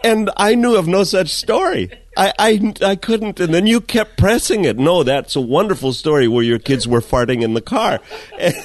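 A man, a guest in an interview, telling comic stories in an animated way, going from loud to hushed. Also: high-pitched, moderate pace, few pauses. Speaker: guest, comedic storyteller. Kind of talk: casual interview chat.

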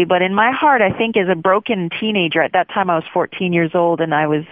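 A woman's voice: lowish voice, brisk, hardly any pauses, dry recording. Woman telling her story over the phone. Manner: candid and animated, acts out quotes. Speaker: guest sharing her testimony. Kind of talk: personal storytelling on a phone interview. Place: Hawaii. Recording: tinny phone line.

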